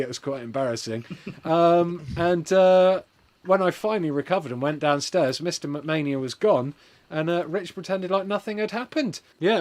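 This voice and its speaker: A young man with an English accent spins a ridiculous anecdote for his stream, dropping into low, quiet muttering one moment and shouting loudly the next. His voice sits a bit above the usual for a man. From England. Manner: swings from low mumbling to loud shouted outbursts. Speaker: streamer host. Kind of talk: comic storytelling.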